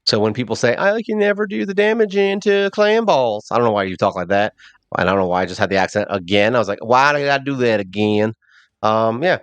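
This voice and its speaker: A man hosting a mobile game channel, giving casual, rambling gameplay commentary and thinking out loud with a self-mocking streak. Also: mid-range voice, clean tone, no echo.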